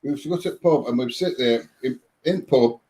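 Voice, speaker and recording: A man's voice: mid-range voice, a little fast, husky. A man, telling dry jokes and anecdotes on a live chat show. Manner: dry, joking. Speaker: co-host. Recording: loud background noise.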